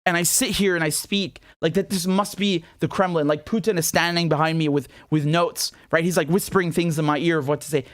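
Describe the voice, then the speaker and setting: British male commentator, high-pitched, dry close mic, indignant and incredulous, stumbles and repeats. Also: fairly bright tone, no echo. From Britain. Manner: incredulous, indignant, repeats words and restarts often. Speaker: political commentator. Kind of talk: solo commentary.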